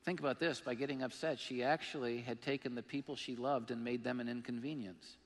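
A male pastor preaching a sermon, emphatic and animated, with self-deprecating humor. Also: mid-range voice, fairly quick. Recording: long reverb of a large hall.

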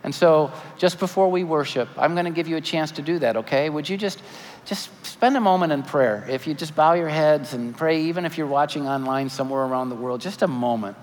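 A man in his forties preaching a sermon as pastor, animated with joking asides and earnest appeals. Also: on the high side, a little fast, few pauses, a little hiss or hum. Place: church sanctuary. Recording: church hall reverb, faint ambience.

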